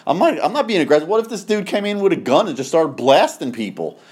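A man's voice: a little high, sing-song, fast, darkish tone, husky. A man co-hosting a podcast, telling stories in a blunt, assertive way in casual chat. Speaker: podcast co-host.

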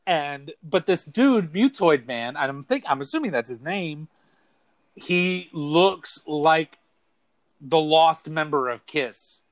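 Talk show co-host, male, animated, chatty and rambling, dry studio voice. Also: a little high, slow, no room sound. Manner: rambling, repeats words while searching for them. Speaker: podcast co-host. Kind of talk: casual chat.

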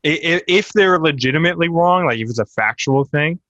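A man's voice: fairly high pitch, animated, fairly quick, pushed and bright, no room sound, lo-fi sound. A young man co-hosting a podcast, telling personal stories in a candid, rambling casual chat with lots of fillers. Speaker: podcast co-host.

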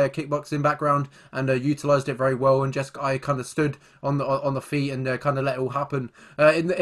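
A man co-hosting a casual fight recap podcast, rambling with lots of fillers and sudden excited bursts. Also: a little high. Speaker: podcast co-host.

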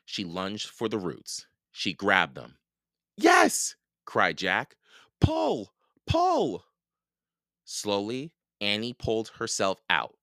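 A man reading a children's book aloud for a podcast, slow and expressive. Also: low-pitched, no room sound, clean studio sound. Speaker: podcast read-aloud host.

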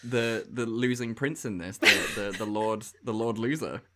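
A man's voice: fairly low pitch, moderate pace. Teasing man riffing on a movie. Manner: teasing, swears, mock-boastful jokes. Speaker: podcast co-host. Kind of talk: casual chat reviewing a movie.

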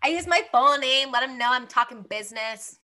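A young woman in her twenties co-hosting a podcast in casual chat, talking quickly with many "like" fillers. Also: high-pitched, pushed and bright. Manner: chatty, frequent "like" fillers. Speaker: podcast co-host.

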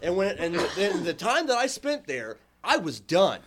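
A man hosting a podcast, telling a wrestling story in a profane, animated, joking way. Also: high-pitched, moderate pace, noisy background. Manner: profane, animated, laughs often. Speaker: podcast host, former wrestling manager. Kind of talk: casual storytelling chat.

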